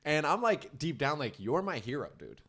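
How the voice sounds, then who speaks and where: Co-hosting a comedy podcast, a man with a slightly rough, higher-side voice talks at normal speed. He's an animated storyteller recounting a stand-up gig in casual chat, swearing freely and performing the voices of the crowd.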